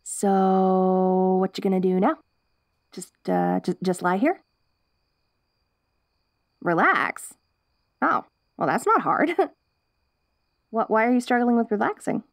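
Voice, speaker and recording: A woman's voice: medium pitch, expressive, slow, vocal fry, long pauses, dry recording. A young woman voicing a perky, curious wolf girl in an ASMR role-play, bubbly and giggly with restless chatter.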